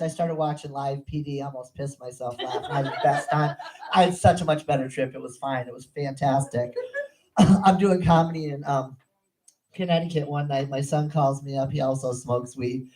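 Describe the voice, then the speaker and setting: A woman's voice: extremely low pitch, normal speed, warm tone, low-quality recording. A middle-aged woman performing a crude, profane stand-up routine on a comedy club stage. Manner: crude, profane, brash storytelling.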